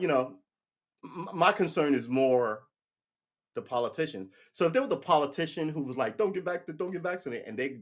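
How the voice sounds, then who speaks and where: A man in his forties hosting a livestream, ranting casually with lots of swearing and restarts. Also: mid-range voice. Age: 40s. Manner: profane, rambling, animated talk with restarts. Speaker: livestream host.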